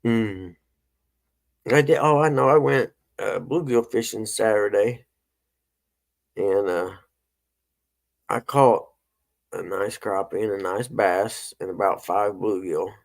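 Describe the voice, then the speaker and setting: A middle-aged man hosts a casual morning chat in a low, gravelly voice. He rambles through folksy stories in an easygoing way. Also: slow pace, pauses often. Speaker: host.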